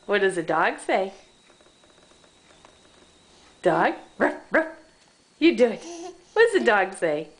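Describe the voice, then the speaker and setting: A woman's voice: medium pitch, big pitch swings, moderate pace. A woman at home filming a toddler, asking playful, sing-song questions into a camcorder. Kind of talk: home video chat with a toddler.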